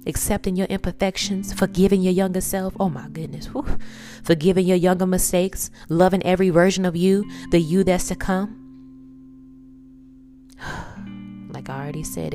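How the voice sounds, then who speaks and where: A low-pitched woman speaks freely and from the heart about healing and faith. Her delivery swings from soft, hushed asides to loud, emphatic outbursts. A plucked guitar plays clearly underneath her voice. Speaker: podcaster sharing personal testimony. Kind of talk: unscripted motivational monologue. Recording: guitar music playing under voice.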